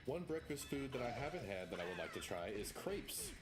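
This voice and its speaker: A man's voice: mid-range voice, very animated, fairly quick, background noise. A man streaming a retro game, chatting casually and rambling with self-mocking asides. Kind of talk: casual gameplay chat. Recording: game music behind voice.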